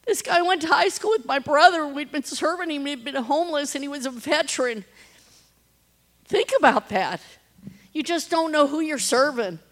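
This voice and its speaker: A woman's voice: high-pitched, moderate pace, a bit bright. A middle-aged woman, giving an earnest personal testimony about her street ministry, telling stories and acting out what people said. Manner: earnest, storytelling with quoted voices.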